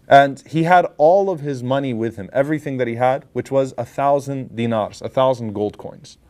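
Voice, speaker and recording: A man giving a casual religious lecture, telling a story with animated voices for the people in it and dropping in Arabic phrases. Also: medium pitch. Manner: casual and lively, acts out quoted lines, mixes in Arabic phrases.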